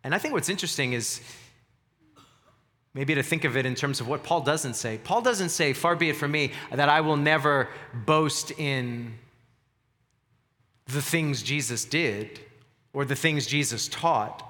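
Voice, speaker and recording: A man's voice: on the high side, unhurried, pauses often, pushed and bright, in a large hall. A man preaching a sermon as pastor, earnest and emphatic, often repeating words for stress.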